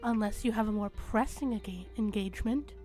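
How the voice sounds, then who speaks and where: A woman voicing a smug, teasing male fae with a smooth, cultured voice, reading game dialogue aloud. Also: mid-range voice, warm tone, soft background music, close to an everyday voice. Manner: teasing, drawn-out and amused.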